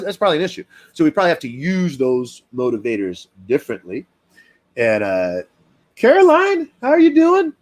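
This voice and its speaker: A man hosting a casual live stream as a dog trainer, talking to viewers in an animated, fired-up way with plenty of fillers. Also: mid-range voice.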